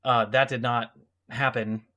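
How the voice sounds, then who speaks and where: A man's voice: medium pitch, level tone, measured pace, pushed and bright. A young man telling a long personal mishap story in casual, self-deprecating style, full of restarts and asides. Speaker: podcast co-host.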